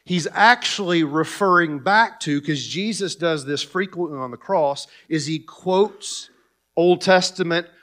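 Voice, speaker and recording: Animated preacher man, high-pitched. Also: a little slow. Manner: animated, swings from low and quiet to loud emphatic peaks; sarcastic asides, talks directly to congregation. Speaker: pastor. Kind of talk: sermon.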